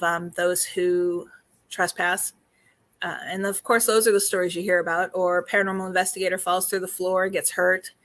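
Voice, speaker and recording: A woman hosting a casual live stream, talking loosely with many fillers, greeting viewers, and a little hoarse as she loses her voice. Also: fairly low pitch, fairly bright tone. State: slightly losing her voice. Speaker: host.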